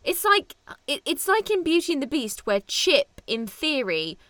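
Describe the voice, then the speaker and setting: A woman co-hosting a casual podcast chat, explaining at length and laughing easily. Her voice is high and very lively, with a bright, sharp tone. She sounds close and dry. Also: a little slow, no echo. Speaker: podcast co-host.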